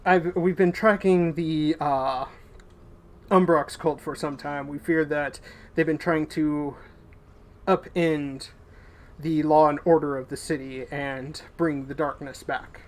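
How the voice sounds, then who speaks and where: A man's voice: a little high, fairly even intonation, takes it slowly. A man voicing a weary male knight who hunts cultists, talking in an earnest, apologetic way.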